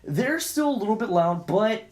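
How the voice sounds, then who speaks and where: Animated, profane young man telling a story. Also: high voice, moderate pace. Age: young adult. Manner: profane, acts out scenes with quoted voices and filler sounds. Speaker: podcast co-host. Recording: roomy echo.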